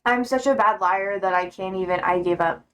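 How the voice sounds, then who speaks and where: A young woman streamer chatting casually, reading out viewer comments, blunt and quick to swear and laugh. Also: mid-range voice, a bit bright.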